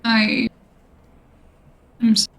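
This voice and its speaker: A woman player in a tabletop game, describing her character's actions in a casual way with brief in-character remarks. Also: drawn-out words. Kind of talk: casual play narration.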